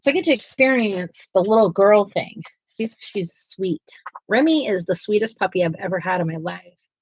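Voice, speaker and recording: A woman's voice: medium pitch, expressive, normal speed, breathy edge, no room sound. A woman hosting a coloring livestream, chatting casually and talking to her viewers in the chat as she colors. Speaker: livestream host.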